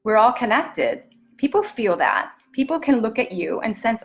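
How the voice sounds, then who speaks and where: A woman coach speaking live to her viewers in an earnest, intimate and encouraging way, sometimes dropping to a soft near-whisper. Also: a little high, sing-song, normal speed, rough recording. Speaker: self-love coach. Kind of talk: live-streamed motivational talk.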